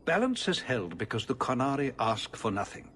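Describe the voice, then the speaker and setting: An actor playing a weary, cautious older city ruler who speaks in a measured, formal way, in video game dialogue. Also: male voice, mid-range voice, very animated, fairly bright tone, slight background noise. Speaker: city ruler addressing the hero.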